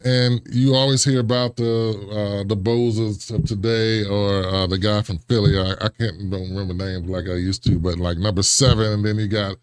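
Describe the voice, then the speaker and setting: Low-voiced man telling lively stories. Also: normal speed, hardly any pauses, smooth. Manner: animated, acts out remembered dialogue with big pitch jumps, chuckles. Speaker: interview guest, former pro football lineman. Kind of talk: casual storytelling interview.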